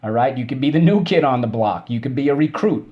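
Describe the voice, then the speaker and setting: A man in the middle pitch range leads a recorded spelling lesson for children. He sounds upbeat and encouraging, praising answers and slowly stretching out each syllable when drilling words. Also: expressive, warm tone, lo-fi sound. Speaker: teacher.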